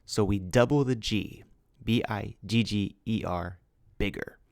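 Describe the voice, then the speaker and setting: A man's voice: fairly low pitch, measured pace, darkish tone, no room sound, studio quality. A man teaching English grammar, patiently spelling out words letter by letter. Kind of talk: slow grammar lesson.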